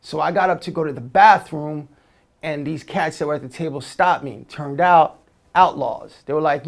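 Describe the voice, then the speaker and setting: A man telling stories in a relaxed, slangy way as an interview guest, with many fillers and restarts. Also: on the high side, moderate pace, creaky. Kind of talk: casual storytelling.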